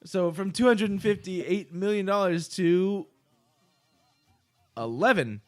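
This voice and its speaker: A man's voice: sits high, slow pace, faint music behind. A young man co-hosting a casual podcast, loose and tipsy, swearing and laughing as he chats. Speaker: podcast co-host. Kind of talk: casual drinking-podcast banter.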